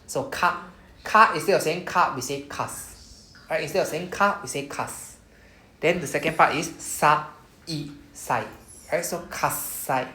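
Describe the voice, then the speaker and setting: Singaporean woman teacher, deep voice, patient drill style, roomy classroom sound with faint noise. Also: sharp tone. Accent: Singaporean English. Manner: patient, repeats words slowly for students. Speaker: Japanese teacher.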